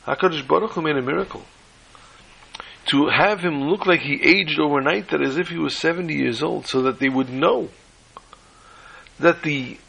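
A man teaching a sermon-style lesson and telling a joke along the way. His voice is gravelly and bright, with a husky edge. He restarts his phrases often and mixes in Hebrew and Yiddish words. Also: a little high, low-quality recording.

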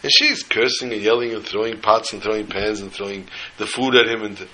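A man giving a sermon as a rabbi, an animated storyteller who acts out scenes before he turns to teaching. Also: on the low side, fairly quick, a little hiss or hum, rough recording. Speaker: rabbi teaching the weekly Torah portion.

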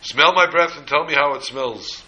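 A man's voice: on the high side, moderate pace, pushed and bright, husky, pitched above the performer's own voice, full character voice, low-quality recording. A man voicing a proud, menacing male lion king in a sermon parable, with an imperious, demanding manner.

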